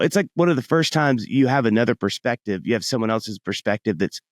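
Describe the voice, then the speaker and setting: Animated middle-aged man telling stories. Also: medium pitch, quick pace, no echo, clean studio sound. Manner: animated storyteller, acts out voices in anecdotes. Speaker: podcast guest, musician. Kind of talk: casual chat.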